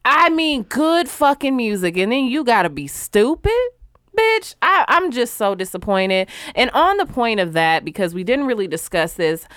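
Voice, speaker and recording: A woman co-hosting a podcast in candid casual chat, animated and profane. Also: on the high side, moderate pace, smooth, no echo, studio quality. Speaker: podcast co-host.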